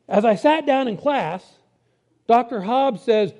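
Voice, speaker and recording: A man delivers a sermon in a high voice that swoops and jumps animatedly. His tone is mellow rather than sharp. He keeps it conversational, breaking ideas down and asking his listeners rhetorical questions. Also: very animated, measured pace. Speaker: preacher.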